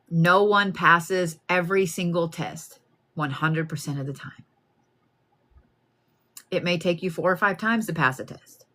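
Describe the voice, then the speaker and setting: A card reader does a live reading, speaking to the listener directly in plain, casual language sprinkled with animated asides. Her voice is fairly low.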